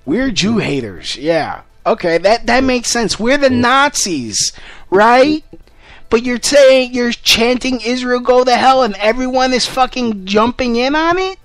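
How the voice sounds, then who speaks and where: A man's voice: very high-pitched, expressive, unhurried, a bit bright, no room sound. A man delivering an angry political rant to camera in a profane, sarcastic and emphatic way. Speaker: political vlogger.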